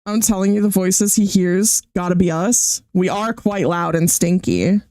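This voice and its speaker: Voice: medium pitch, measured pace, warm tone, no echo. Streamer riffing on a robot video, goofy and rambly, dry close mic. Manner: jokey, rambling, laughs often. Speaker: VTuber streamer reacting to a video. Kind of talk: casual reaction stream.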